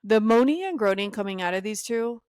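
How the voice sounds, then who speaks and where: A woman's voice: mid-range voice, animated, brisk, darkish tone, no echo. A woman hosting a podcast alone, giving opinionated, sassy commentary and ranting with laughs. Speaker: podcast host.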